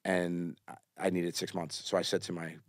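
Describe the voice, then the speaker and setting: A man's voice: low voice, moderate pace, no echo. A man, a comedian guest on a podcast, telling stories in casual chat and acting out the voices of people in them. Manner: animated storyteller acting out quoted dialogue. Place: podcast studio. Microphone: studio mic.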